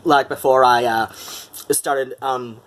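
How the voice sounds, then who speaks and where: A man's voice: mid-range voice, fairly even intonation, takes it slowly, fairly bright tone. A middle-aged man from Metro Detroit, speaking in a put-on Mid-Atlantic accent, talking casually to camera with many fillers and restarts. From Metro Detroit, USA. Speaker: vlogger.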